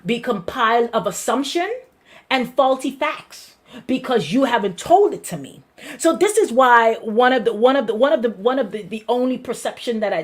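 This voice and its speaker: Hosting her weekly show, a Brooklyn-accented woman pastor preaches with animated, conversational energy, frequently repeating phrases. Her voice is a little high.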